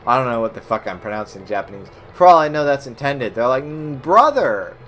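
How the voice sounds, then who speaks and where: A young man streaming old web games, chatting casually with viewers, cursing a lot and breaking into sudden loud outbursts. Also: medium pitch, quick pace, soft background music. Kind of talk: casual gameplay commentary.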